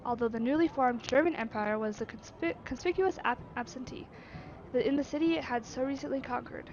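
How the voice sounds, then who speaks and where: Woman streamer, reading game text aloud, high voice, expressive asides, slightly dull recording. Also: brisk. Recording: slightly dull lo-fi with faint noise.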